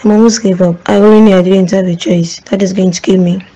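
Woman voicing a soothing young woman in a cartoon; even, dark tone. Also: mid-range voice, fast talker, breathy edge, lo-fi sound. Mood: comforting. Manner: soothing, reassuring. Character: comforting young woman, Shelly.

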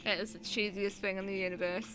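Young female let's player, chatty and giggly, bright lively voice, faint game music behind. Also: medium pitch, quick pace. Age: young adult. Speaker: let's play host. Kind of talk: casual game commentary.

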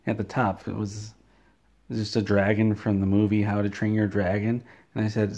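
A man rambles through a silly story in a flat, deadpan delivery. His voice sits somewhat low for a man, and his tone stays dry. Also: normal speed. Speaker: comedy vlogger. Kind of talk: absurd comic storytelling.

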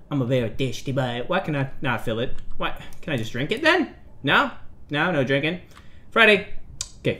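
A man's voice: mid-range voice, a bit bright. A man giving rambling, joking let's-play commentary on a horror game, jumping between mock outrage and mumbled asides. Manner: rambling, jokey, chatting to himself and characters.

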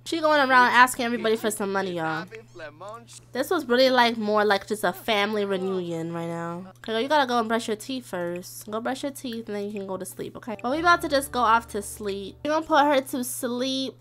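A woman's voice: on the high side, expressive, a little fast, a bit bright. A young woman giving chatty, dramatic commentary while playing a life-sim game, talking straight to her viewers. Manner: chatty, dramatic, squeals and laughs, talks to the viewers. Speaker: gaming streamer. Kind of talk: casual Let's Play commentary.

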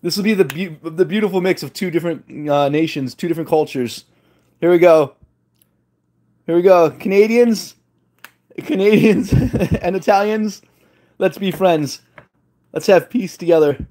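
A man vlogging a casual taste test, excitable and playful with exclamations. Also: sits high, normal speed, long pauses. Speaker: food vlogger.

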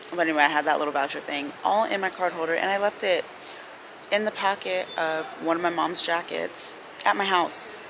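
A woman's voice: lowish voice, steady tone, fairly quick, gravelly. A young woman vlogging to camera in an airport terminal, rambling and slangy in a casual chat. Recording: noisy public terminal. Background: airport announcements and bustle.

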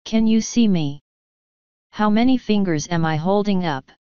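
A woman's voice: medium pitch, a little slow, warm tone, clean tone, no room sound, lo-fi sound, lightly acted. A woman reading an audiobook, voicing the ghost of an old king who is exasperated and indignant. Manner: indignant, blustering.

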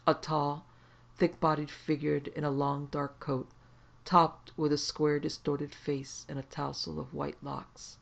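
A man narrating a horror story in a dramatic, expressive reading. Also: fairly high pitch, measured pace, gravelly.

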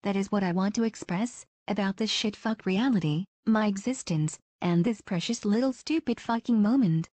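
A woman's voice: mid-range voice, normal speed, hardly any pauses, a little mellow, no echo, lightly acted. A woman playing a foul-mouthed sarcastic mystic. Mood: scornful. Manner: sarcastic, profane, declaiming.

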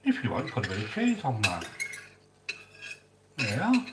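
A man's voice: mid-range voice, wildly swooping pitch, moderate pace, far from the mic, very noisy. Chatty man cooking, roomy echo. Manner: chatty, rambling asides between instructions. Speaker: home cook. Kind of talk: casual cooking demonstration. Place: home kitchen.

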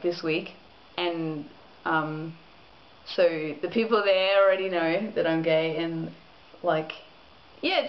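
A woman's voice: fairly low pitch, lo-fi sound. A woman vlogging in casual chat, talking openly with lots of "like" and "um" fillers and easy giggles. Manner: chatty, lots of likes and ums, giggly.

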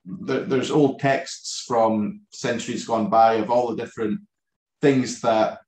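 A man's voice: mid-range voice, steady tone, slow, darkish tone. A man from a distillery talks casually about his product over a video call, rambling with frequent restarts. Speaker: distillery representative. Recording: roomy echo on a video call.

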